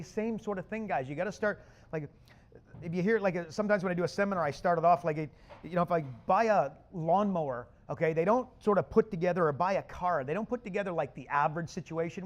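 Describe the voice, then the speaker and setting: High-voiced energetic male seminar presenter. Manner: loud, punchy, casual with slang. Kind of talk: energetic live seminar talk. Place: conference room with an audience.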